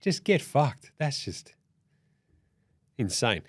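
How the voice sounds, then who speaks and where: A young Australian man hosting a casual sports recap, sweary, excitable and jokey. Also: medium pitch, slow, no echo, clean studio sound. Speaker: host.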